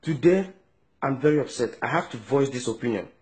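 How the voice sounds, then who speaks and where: A man's voice: medium pitch, expressive, brisk, a little mellow. A man ranting to camera in an indignant, mocking way, often stumbling over repeated words. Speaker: vlogger. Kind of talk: angry opinion rant to camera.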